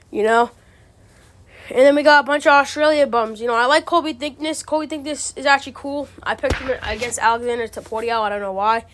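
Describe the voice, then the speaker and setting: A woman's voice: fairly high pitch, a bit bright. A woman giving casual, ranting commentary, exasperated and profane, full of slang. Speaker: MMA commentary channel host.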